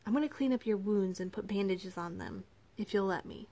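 A soft-spoken, persuasive prince who coaxes rather than commands, as a woman narrator puts him on. He speaks gently and patiently in a storybook reading, at a plain middle pitch. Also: fairly quick, lightly acted. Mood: calm, persuasive. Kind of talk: audiobook character reading.

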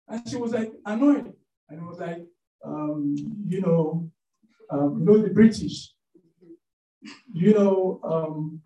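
Warm-voiced man preaching in an echoey room. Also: high-pitched, measured pace. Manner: animated storytelling with many fillers. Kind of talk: sermon. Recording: echoey room, mic at a distance.

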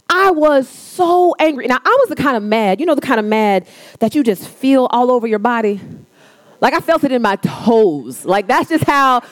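A woman's voice: high-pitched, no echo. A woman preaching a sermon, telling a personal story in a conversational way and calling the congregation y'all. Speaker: pastor's wife preaching.

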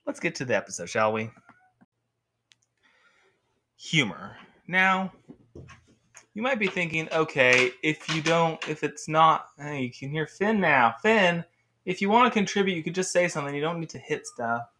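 With a low-pitched, sing-song, somewhat bright voice, a woman reviewing films and shows chats to camera at a moderate pace broken by long pauses. Her talk wanders, jokey and casual, peppered with side remarks and self-corrections.

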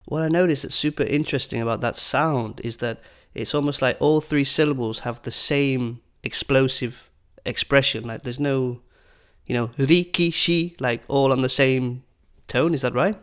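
This is an upbeat, curious man hosting a relaxed podcast conversation. His pitch sits in a middle range, and he often slows down to spell things out clearly. He sounds friendly and engaged with his guest. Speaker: podcast host. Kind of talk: casual podcast chat.

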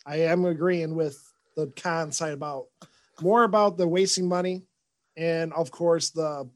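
A man's voice: fairly high pitch, fairly even intonation, measured pace. A man co-hosting a podcast in casual chat, steering the talk and asking the others in turn. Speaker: podcast co-host.

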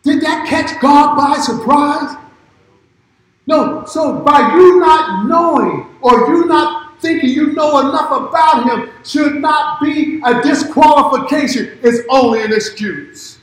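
A man preaching a sermon as pastor, shouting in rising bursts and dropping low and quiet in between. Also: takes it slowly, very echoey, poor audio.

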